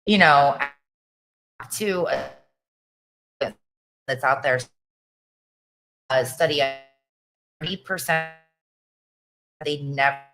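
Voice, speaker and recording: A woman co-hosting a podcast, talking earnestly about health with many pauses and ums. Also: extremely low pitch, low-quality recording. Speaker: podcast co-host. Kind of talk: casual health talk.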